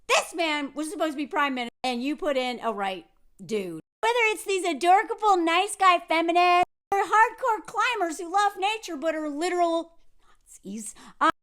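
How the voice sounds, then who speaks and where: An American woman with a Southern accent ranting sarcastically in a political commentary vlog, swinging between loud and soft. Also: extremely high pitch, lively intonation, moderate pace. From United States.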